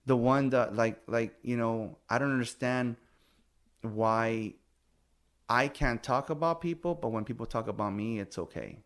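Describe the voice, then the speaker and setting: A middle-aged man talks in loose, heated chat, swearing often and pushing back hard as he vents. His voice sits at an ordinary middle pitch for a man. He is blunt and defensive, and he repeats himself when worked up. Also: measured pace. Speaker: podcast host. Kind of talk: casual chat.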